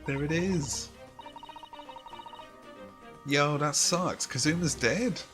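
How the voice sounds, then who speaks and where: A man hosting a casual let's play, reacting excitably and joking while he plays. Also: fairly high pitch, takes it slowly. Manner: excitable, jokey, reacts and rambles. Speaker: gaming let's play host. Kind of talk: casual game commentary. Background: game music.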